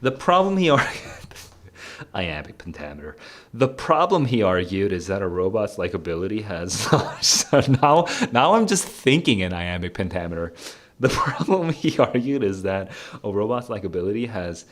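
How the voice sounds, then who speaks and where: A man's voice: fairly low pitch, very animated, normal speed. A young man solving test questions aloud as a tutor streamer, laughing often, muttering as he reads and exclaiming "dude".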